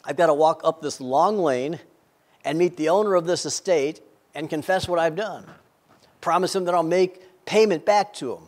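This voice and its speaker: A man's voice: on the high side, moderate pace, a little mellow. A man preaching a sermon, telling an illustration with frequent stammered repeats. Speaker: pastor.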